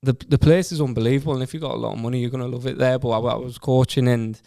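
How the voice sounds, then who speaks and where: Gravelly young Teesside man, earnest. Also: medium pitch, fairly even intonation, racing, mellow, no room sound, clean studio sound. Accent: Teesside English. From Stockton-on-Tees, England. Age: 20s. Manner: repeats words and restarts often, earnest. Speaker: podcast guest. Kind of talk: casual conversational storytelling.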